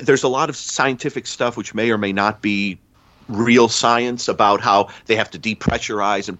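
A man's voice: lowish voice, pushed and bright, no room sound, lo-fi sound. A man on a podcast giving a casual, rambling plot recap, often stopping to correct himself. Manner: rambling, self-correcting storyteller. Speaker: podcast panelist.

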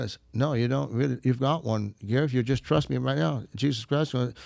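Gravelly-voiced man telling a story. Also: mid-range voice, fast, few pauses, dry recording, clean studio sound. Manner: animated, acts out quoted voices, laughs often. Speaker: guest storyteller. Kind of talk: casual storytelling.

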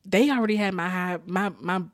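A woman's voice: mid-range voice, a little fast, no room sound, studio quality. A woman hosting a podcast, casually retelling a sitcom episode with lots of swearing and laughter, a little worn out. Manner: profane, laughs often, animated storytelling. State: tired after a rough weekend. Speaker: podcast host recapping a sitcom. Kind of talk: casual chat recap.

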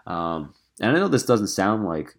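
A man's voice: on the low side, big pitch swings, unhurried. A man hosting a solo podcast as a life coach, talking in an earnest, passionate way with frequent restarts, his voice stuffy and nasal.

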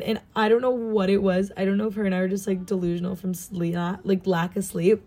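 Speaking fairly quickly in a warm, mid-range voice with fairly even intonation, a young American woman from Southern California chats for her vlog while studying abroad. She's gushing and bubbly, leans heavily on "like," and sounds jet-lagged and tired.

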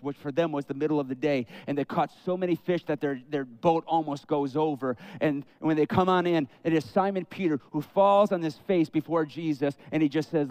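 High-voiced male pastor preaching. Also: no room sound. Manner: expressive preaching, acts out quoted prayers. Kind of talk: sermon.

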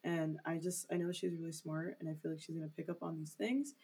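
A woman's voice: low voice, steady tone, fast, mellow, husky. A young woman co-hosting a casual podcast, rambling with lots of "like" fillers. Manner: rambling, heavy use of "like" fillers. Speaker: podcast co-host. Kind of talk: casual chat.

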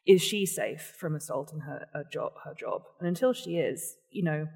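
A woman's voice: deep voice, lively intonation, normal speed, vocal fry, a little mellow, slightly rough, soft background music. A woman guest who talks about a novel in an earnest, thoughtful way, then reads a passage aloud. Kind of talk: casual discussion and reading aloud.

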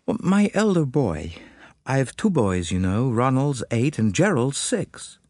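A man voicing a determined American woman of about thirty, speaking with an American accent in an earnest, brisk, worried way, in an audiobook. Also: mid-range voice, sing-song, darkish tone, no room sound, studio quality.

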